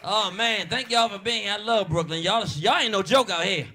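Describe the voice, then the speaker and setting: A man with a Baltimore accent doing a loud, brash, profane stand-up comedy set in a diner. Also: sits high, moderate pace. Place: diner comedy show with live audience. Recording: noisy crowd in a diner. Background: audience laughter.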